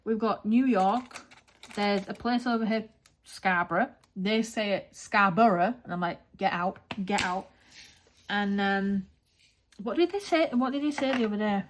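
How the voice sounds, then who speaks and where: A woman with an English accent, chatting rambling and animated in a casual vlog monologue, swearing freely. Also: medium pitch, normal speed, slight background noise. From England. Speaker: craft vlogger.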